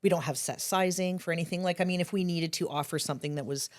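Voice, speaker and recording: A woman's voice: fairly low pitch, quick pace. A woman, a bakery co-owner, chatting casually and upbeat as a podcast guest. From Canada.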